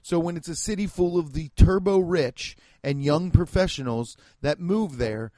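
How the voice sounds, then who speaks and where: A man's voice: a little high, normal speed, mellow, no room sound. A man from the Midwest, a podcast host and stand-up comedian, talking in a casual, rambling, sarcastic monologue full of swearing. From American Midwest.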